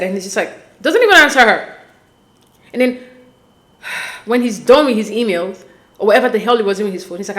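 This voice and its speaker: A woman with a fairly high voice talks through a reality-show recap in a casual, conversational way. She speaks straight to her viewers, animated and exasperated as she calls out what she saw. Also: a little fast. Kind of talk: casual commentary.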